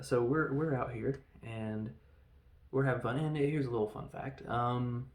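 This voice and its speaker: Male podcast host, gravelly and loose, self-mocking humor, roomy echo. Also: mid-range voice, darkish tone. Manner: joking, self-deprecating, loose. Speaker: podcast host reviewing a film. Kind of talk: casual rambling film review.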